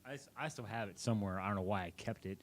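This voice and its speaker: A man's voice: fairly low pitch, very fast. A young man vlogging, casually telling a personal story in a rambling, self-correcting way.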